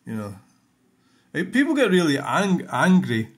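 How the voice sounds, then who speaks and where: A man's voice: fairly high pitch, huge pitch swings, measured pace. An older man with a Scottish accent giving a casual, rambling channel update, muttering and swearing bluntly.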